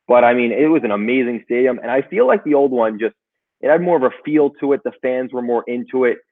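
Man, enthusiastic fan, fast talker, sounds like a phone line. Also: medium pitch, animated. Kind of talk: casual chat.

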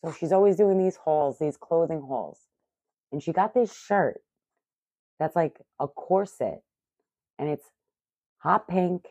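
A woman in her thirties telling a story casually to the camera as a vlogger, animated, profane and self-mocking. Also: low voice, no echo. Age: 30s. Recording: muffled lo-fi audio.

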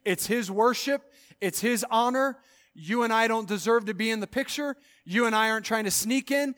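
A man preaching a sermon as pastor. He swings from loud, drawn-out proclamations to hushed, quiet lines, with bursts of rapid exhortation. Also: very high-pitched.

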